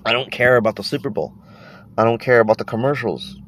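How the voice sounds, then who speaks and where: With a mid-range, fairly bright voice, the podcast host talks fast in a steady tone. Allergies have left him congested and nasal, and on his casual podcast he sounds tired, rambling and swearing as he trails off.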